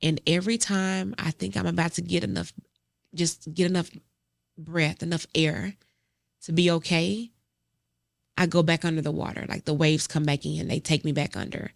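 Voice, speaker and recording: Soft-spoken woman with a gravelly voice. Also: lowish voice, steady tone, no echo, clean studio sound. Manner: soft-spoken, heartfelt, halting with restarts. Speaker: podcast host. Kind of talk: personal reflective monologue.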